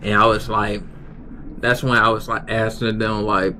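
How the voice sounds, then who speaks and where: A man's voice: lowish voice, level tone, moderate pace, bright, forceful tone, slight background noise. Rambling male streamer telling a story. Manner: rambling, many restarts and fillers. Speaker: livestreamer. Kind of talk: casual storytelling.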